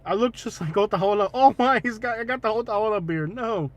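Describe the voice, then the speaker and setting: Man, slightly high voice, teasing livestream host with loud outbursts. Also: a little fast. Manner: joking, teasing, with loud excited bursts. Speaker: vlog host. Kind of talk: casual livestream chat.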